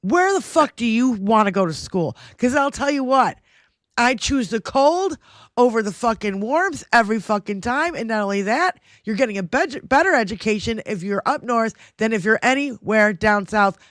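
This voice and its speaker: A woman's voice: a little high, animated, moderate pace, a bit bright, no echo, studio quality. A woman hosting a casual political livestream, ranting emphatically and swearing freely. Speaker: livestream show host.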